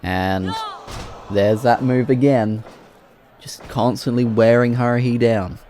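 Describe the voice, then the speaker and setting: A man giving play-by-play commentary on wrestling matches, excitable and breaking into loud exclamations. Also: mid-range voice, takes it slowly, slight background noise.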